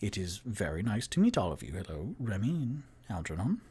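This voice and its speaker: A man's voice: on the low side, big pitch swings, fairly quick, dark tone, slightly rough, exaggerated voice. A man voicing Toot Toot, a shy and polite young adventurer who speaks hesitantly.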